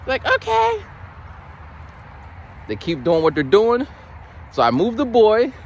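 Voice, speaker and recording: A man chatting casually in a vlog while outdoors in the cold, rambling through animated stories with stammered restarts about his school lunchroom duty. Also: high voice, moderate pace, slight background noise. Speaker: vlogger who works lunchroom duty at a school. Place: outdoors in cold weather, near a bridge.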